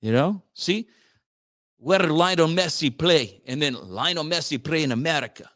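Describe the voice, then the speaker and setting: A man's voice: on the high side, animated, moderate pace, a bit bright. A male radio host rambling through sports news in a slangy, casual chat. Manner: rambling, slangy, says dude a lot.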